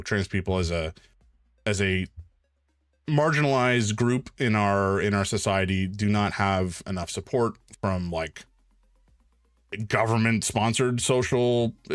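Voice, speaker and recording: A man hosting a charity live stream, chatting casually while he draws and thanking donors in an excitable, joking way. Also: lowish voice, unhurried, dry recording, studio quality, faint music behind.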